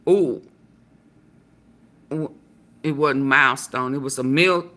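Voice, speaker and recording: A woman's voice: rumbling low, slow, pauses often, a bit bright. A woman vlogger giving casual commentary to her viewers, with sassy, laughing asides.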